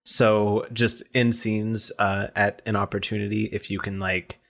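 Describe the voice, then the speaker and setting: Casting note: man with a lowish voice, rambling self-mocking comic chat. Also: flat delivery, a little slow, creaky, fairly bright tone. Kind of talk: casual comedy chat.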